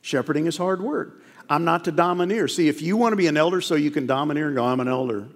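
A man's voice: fairly high pitch, fast talker, in a large hall. A middle-aged man preaching a sermon in a church, earnest and conversational, full of rhetorical questions. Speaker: pastor. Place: church sanctuary.

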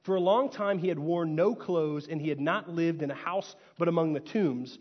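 A man from Texas preaching a sermon, telling the story with animated energy and tossing in frequent "right?" asides. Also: on the high side, normal speed. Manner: animated storytelling, acts out quotes, rhetorical "right?". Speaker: pastor. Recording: hall reverb, dull lo-fi sound.

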